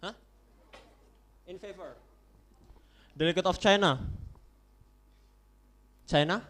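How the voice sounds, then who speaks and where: A young man with an Indonesian accent chairs a model UN roll-call vote in English, with a slightly raised voice. He talks in a halting way, restarting and correcting himself as he goes. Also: high voice, a bit bright. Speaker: conference chair.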